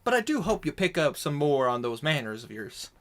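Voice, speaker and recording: This is a stuffy, self-important gentleman, put on by a man running the game. He lectures about manners with a high-handed air. The voice sits a little higher than an ordinary man's. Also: very animated, brisk, a little hiss or hum. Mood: haughty. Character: pompous well-dressed male townsman, scolding.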